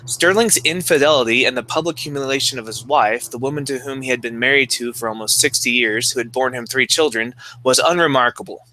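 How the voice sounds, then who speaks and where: A man's voice: medium pitch, fairly quick, hardly any pauses, bright, forceful tone, a little hiss or hum. A young man co-hosting a podcast with dry, wry humor, who also reads passages aloud. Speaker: podcast co-host and teacher. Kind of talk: casual chat, reading aloud.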